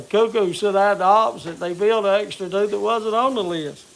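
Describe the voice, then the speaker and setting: A man's voice: high-pitched, moderate pace, vocal fry, a little hiss or hum. Brief: man, folksy livestream rambler, loses his words. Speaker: vlogger. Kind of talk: casual livestream chat.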